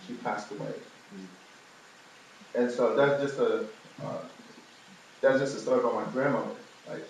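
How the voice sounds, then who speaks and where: A young man from New York giving a personal testimony to a live audience, telling a family story with humorous asides. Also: slight background noise. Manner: storytelling, humorous asides, animated rises in pitch. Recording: very echoey room, from far off.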